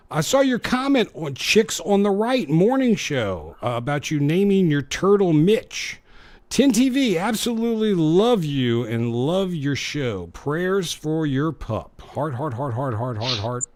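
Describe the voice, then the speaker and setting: A man's voice: on the high side, no echo. A man hosting a live show, joking and laughing as he reads out viewer comments. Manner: jokey, laughs between comments. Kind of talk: casual live-stream chat reading viewer comments.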